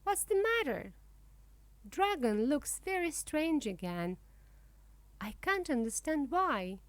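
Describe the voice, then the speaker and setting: A woman reading a children's storybook aloud in a slow, clear way for young English learners. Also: high voice, no echo. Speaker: narrator. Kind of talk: children's book read-aloud.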